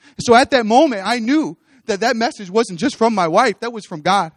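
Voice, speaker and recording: Earnest high-voiced man giving testimony. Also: normal speed, dry recording, clean studio sound. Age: adult, with children. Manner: earnest, repeats phrases, rising to exhortation. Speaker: church speaker giving testimony. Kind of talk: testimony sermon. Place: church stage.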